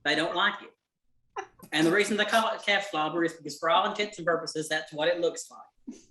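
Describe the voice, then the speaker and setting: A man's voice: a little high, fairly quick, pushed and bright, roomy sound. A man with a Southern accent, hosting a cooking session on a video call and telling folksy stories. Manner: folksy storyteller. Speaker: cooking class host. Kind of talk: casual chat on a video call.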